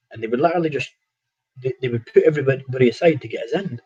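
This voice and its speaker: A Scottish man, a boxer, telling lively stories in a casual interview, often acting out what people said and laughing. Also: medium pitch, fast, husky, highs cut off. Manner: animated anecdotes with quoted dialogue, laughs often. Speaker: professional boxer, guest.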